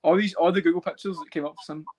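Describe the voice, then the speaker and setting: A man co-hosting a casual podcast chat about fights, talking fast, swearing and laughing a lot. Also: on the high side, steady tone, a little mellow, a little hiss or hum. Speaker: podcast co-host.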